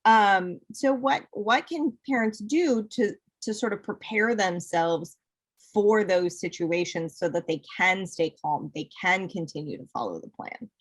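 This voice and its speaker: A woman's voice: medium pitch, a little slow, slightly rough. A woman hosting a live interview, upbeat and passing on questions from viewer comments. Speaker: interview host.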